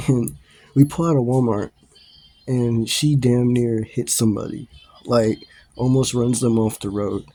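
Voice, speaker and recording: A man's voice: mid-range voice, steady tone, measured pace, dark tone. A man casually telling a story, laughing often and swearing freely, with lots of fillers and restarts. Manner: rambling, with many fillers and restarts.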